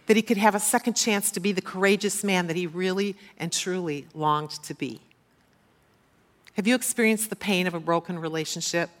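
A woman's voice: sits low, fairly bright tone. A woman preacher giving a sermon, retelling a scripture story and asking the listeners questions.

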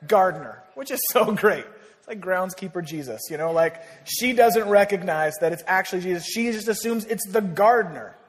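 A man preaching a sermon in a big church hall, his fairly high voice ringing out with a long reverb. He keeps it casual and joking with the congregation, then sinks to a near hush on the lines that matter most. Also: lively intonation, normal speed. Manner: conversational preaching with jokes, dropping to a hushed voice on key lines. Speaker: pastor.

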